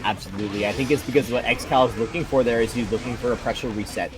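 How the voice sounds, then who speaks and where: A man's voice: medium pitch, rapid-fire, music in the background. A man commentating a fighting game tournament, breaking down plays with dry jokes, his voice a bit worn out. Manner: analytical, joking. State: tired voice.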